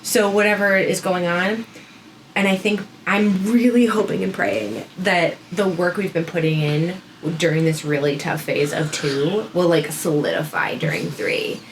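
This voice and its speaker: Chatty mom podcaster, lowish voice. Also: female voice, unhurried, poor audio. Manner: chatty, storytelling with quoted voices. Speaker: podcast co-host. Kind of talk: casual chat. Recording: faint background noise.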